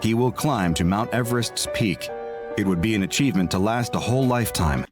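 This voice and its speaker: A man with a fairly low voice narrates a scripted, suspenseful story, measured and steadily building tension. Music plays clearly behind him.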